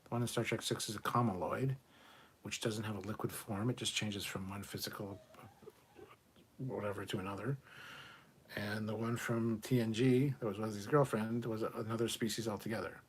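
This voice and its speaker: A man's voice: lowish voice, steady tone, normal speed, slight background noise. A man hosting a casual livestream, reading viewer comments aloud and answering them in an offhand, profane way. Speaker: livestream host reading chat. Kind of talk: casual live chat.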